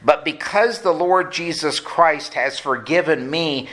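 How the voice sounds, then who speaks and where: A man preaching a sermon in a bright, forceful voice. He speaks earnestly and draws out his words for emphasis. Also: fairly high pitch, unhurried. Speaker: pastor.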